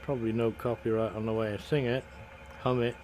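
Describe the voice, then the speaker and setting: A Scottish game streamer speaks briskly in a mid-range, slightly mellow voice with a flat delivery. His live commentary is chatty and jokey as he laughs at his mistakes, hums along and talks to viewers, with poor audio and slight background noise.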